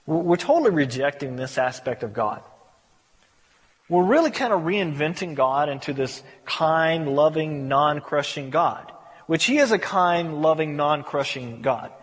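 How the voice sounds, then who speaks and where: Pastor, male, high-pitched and husky, conversational Bible teacher, reverberant hall. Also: animated, a little slow. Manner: conversational, repeats words when emphatic.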